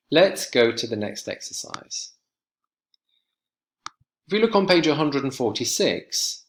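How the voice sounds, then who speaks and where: Male English teacher, mid-pitched voice, slow clear instructional delivery for a recorded lesson. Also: a bit bright. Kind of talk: recorded online lesson walkthrough.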